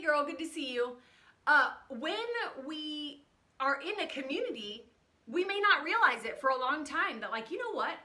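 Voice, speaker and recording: A woman in her thirties chats casually with her livestream viewers from a room in her home, pausing to greet them by name. Her high voice comes across bright and forward, and she speaks openly and emotionally.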